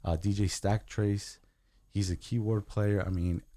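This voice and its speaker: A man's voice: lowish voice, steady tone, a little slow, mellow, dry recording. A young man raised in Guatemala and the United States, a podcast guest talking earnestly in casual chat and often saying "man".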